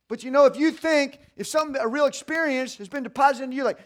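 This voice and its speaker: A man preaching a sermon in an animated way, acting out the voices of the people he quotes. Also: very high voice, brisk, hardly any pauses. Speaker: pastor.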